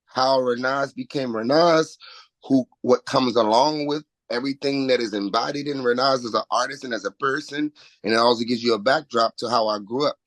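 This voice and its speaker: A man's voice: medium pitch, normal speed, fairly bright tone, dry recording, low-quality recording. A man from Washington, D.C. with a local accent, talking casually and upbeat about his music in an interview. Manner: upbeat, self-promoting, chuckles often. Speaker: recording artist, interview guest.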